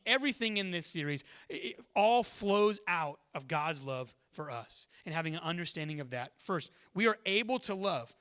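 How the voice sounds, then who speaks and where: A man from Texas preaches in a high, bright and forceful voice. He tells stories to his church in a lively, conversational way. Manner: storytelling, conversational and energetic. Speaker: pastor. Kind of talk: sermon.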